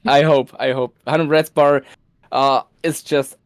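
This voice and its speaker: A man's voice: a little high, fairly even intonation, slow pace. A man who is a cosplayer, guesting on a casual podcast, eager and laughing often.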